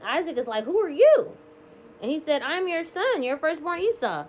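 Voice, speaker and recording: A woman with a fairly high voice retells Bible stories in a relaxed, conversational way, full of "like" and "um". The recording is a little dull and lo-fi, with a faint hiss of ambience behind her. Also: brisk. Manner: chatty paraphrase with frequent "like" and "um". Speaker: Bible reading vlogger. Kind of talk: casual retelling of scripture.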